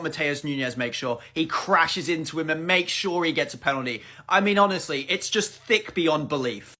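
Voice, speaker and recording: A man's voice: on the high side, pushed and bright. A man ranting about his football team's loss in a fan reaction video, exasperated and blunt.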